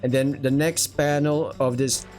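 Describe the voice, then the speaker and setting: A man's voice: mid-range voice, fairly even intonation, a little slow, darkish tone, faint music behind. Rambling young man reading manga aloud. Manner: rambling, profane, with filler words. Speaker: manga reviewer. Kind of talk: casual manga read-along commentary. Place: home room with windows.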